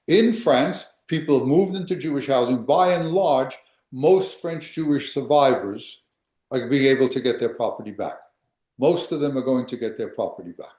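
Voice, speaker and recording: A man's voice: medium pitch, warm tone, roomy sound. An older man, a history professor, lecturing emphatically and answering questions, often repeating and restarting phrases.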